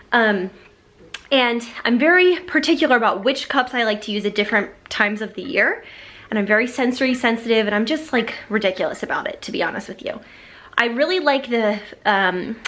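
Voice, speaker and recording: A woman's voice: fairly high pitch, a bit bright. A young woman chatting casually and rambling to her camera at home. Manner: rambling, chatty, self-deprecating. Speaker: vlogger. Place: living room at home.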